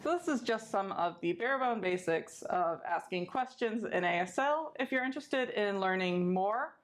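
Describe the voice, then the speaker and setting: A woman librarian, teaching a step-by-step sign language lesson in a friendly, clear way. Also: mid-range voice, animated, moderate pace. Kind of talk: instructional video lesson.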